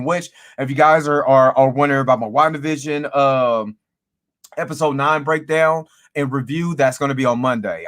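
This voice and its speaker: Man, casual movie review, rambling, animated, repeats himself, average pitch.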